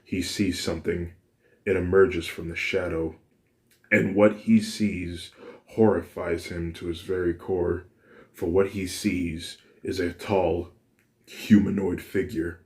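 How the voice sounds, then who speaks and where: A man narrating a fan story in a plain, unhurried reading voice. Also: deep voice, level tone, a little mellow.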